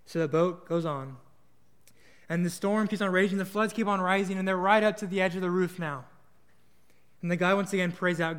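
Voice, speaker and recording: A young man gives a sermon in a loose, earnest storytelling manner, now and then restarting a word. His voice sits high for a man. The sound rings with the long reverb of a large hall. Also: steady tone, fairly quick, clean tone. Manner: casual, earnest, with small restarts. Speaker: preacher.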